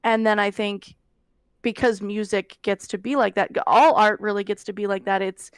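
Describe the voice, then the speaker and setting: A woman's voice: mid-range voice, fairly even intonation, normal speed, clear, resonant tone, no echo. A woman chatting casually as co-host, hesitant and full of fillers. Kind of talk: casual chat.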